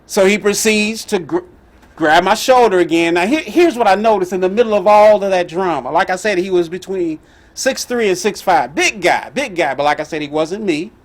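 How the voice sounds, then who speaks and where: A middle-aged man telling a personal story as the host, animated and emphatic. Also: high voice, moderate pace. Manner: animated, emphatic, with laughs and outbursts.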